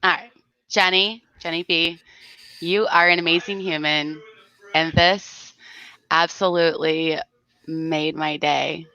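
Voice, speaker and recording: A woman's voice: deep voice, level tone, slow pace, pushed and bright, no room sound, lo-fi sound. A woman from South Florida hosting a casual livestream and greeting her viewers by name. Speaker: livestream host.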